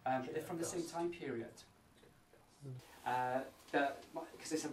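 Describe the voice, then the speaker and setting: A man's voice: on the high side, a little slow. Hesitant man in an echoey room. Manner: hesitant, searching, many fillers. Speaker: medium. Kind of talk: describing psychic impressions on location. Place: indoors at an old inn. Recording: echoey room, distant mic, faint noise.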